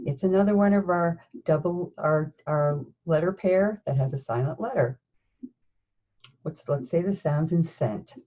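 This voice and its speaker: Slow low-voiced woman teaching phonics. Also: mellow, lo-fi sound. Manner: slow, sounds out words letter by letter; encouraging, with praise and questions. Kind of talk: recorded classroom phonics lesson.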